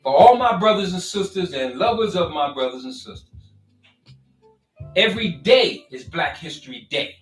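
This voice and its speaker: A man's voice: high-pitched, moderate pace. A man giving a casual, preachy motivational talk to his online followers. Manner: preachy and animated, with call-and-response asides. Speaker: vlogger talking to his followers. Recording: roomy and distant, faint music behind.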